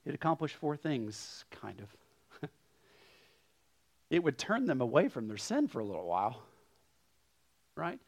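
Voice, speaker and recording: A male guest pastor preaching a sermon, telling a story with lively swings between loud emphasis and hushed asides. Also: mid-range voice, measured pace, gravelly, pauses often.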